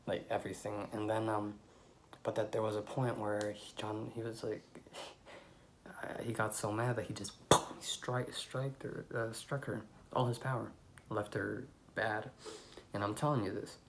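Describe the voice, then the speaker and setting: A young man vlogging, telling a rambling personal story in a casual, animated way with loud outbursts. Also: lowish voice, unhurried, noisy background.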